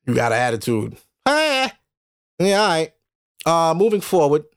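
A man's voice: on the high side, sing-song, normal speed, clean tone, dry recording, studio quality. A man hosting a casual solo podcast, talking bluntly and profanely to his listeners and laughing often. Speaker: podcast host.

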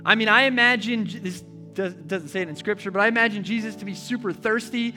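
A man's voice: sits high, fast, over music. A young man preaching a sermon in a casual, chatty way, joking and using slang as he retells a Bible story.

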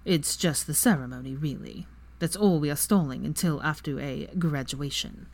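A woman voicing a cold, haughty older wizard father in a fan story reading, with slow, measured lines. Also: low voice, a little mellow.

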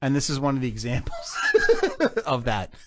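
A man's voice: mid-range voice, huge pitch swings, moderate pace. A man hosting a casual podcast, introducing videos with crude jokes and frequent laughter. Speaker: podcast host.

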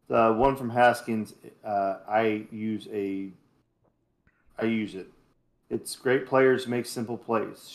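A man co-hosting a casual podcast, a youth basketball coach who gets animated when making his points. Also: medium pitch. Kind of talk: casual chat.

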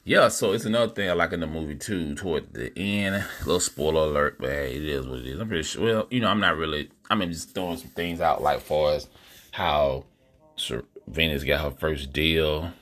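A man's voice: rumbling low, brisk, fairly bright tone. A man hosting a podcast, chatting casually and slangily about a movie he watched, talking straight to his listeners. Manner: laid-back, slangy, talks to listeners as y'all. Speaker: podcast host. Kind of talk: casual movie review chat.

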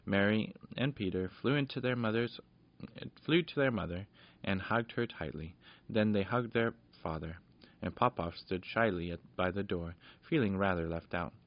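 A man reading a children's storybook aloud in a plain, steady way, with small slips. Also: on the low side, normal speed. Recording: dull lo-fi dry recording.

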